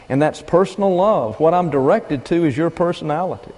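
An older man preaching a sermon, teaching deliberately and with emphasis, pausing for asides. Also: a little high, a little mellow. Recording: long reverb of a large hall.

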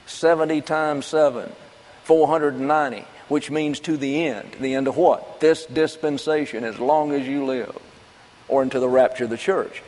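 A man preaching in a folksy, conversational way, tossing out rhetorical questions and answering them himself. His voice sits a bit higher than most men's. It carries through a hall with a long reverb tail. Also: a little mellow. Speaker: pastor. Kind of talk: sermon.

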